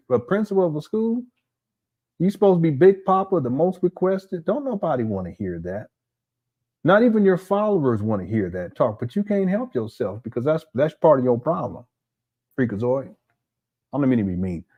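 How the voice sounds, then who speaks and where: A man's voice: a little high, muffled recording. A man hosting a casual commentary video, laughing and making mocking asides. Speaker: commentary host.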